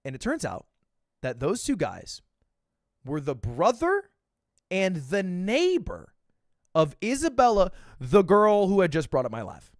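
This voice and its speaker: A man's voice: sits high, a little slow, pauses often, no echo. Young guy streamer telling a story, swears a lot, laughs at himself, dry close sound. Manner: animated, profane, self-deprecating. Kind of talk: casual storytelling on a livestream.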